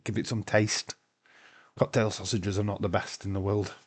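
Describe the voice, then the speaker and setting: A man's voice: lowish voice, little pitch movement, moderate pace, breathy edge. A man hosting a casual live watch-along stream, chatting loosely, answering viewers' comments and swearing now and then. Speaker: livestream host.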